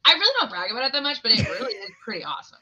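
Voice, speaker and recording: A woman's voice: a little high, sing-song, very fast, sharp tone. A woman telling stories as a podcast guest. She rambles happily and laughs often. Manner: bubbly, rambling storyteller who laughs often. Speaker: guest, former radio host. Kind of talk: casual interview chat. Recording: muffled lo-fi audio.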